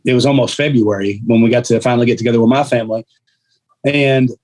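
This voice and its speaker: Appearing as a podcast guest, a man with a mid-range voice tells a story casually and animatedly, acting out the voices of the people in it. Slight background noise is present.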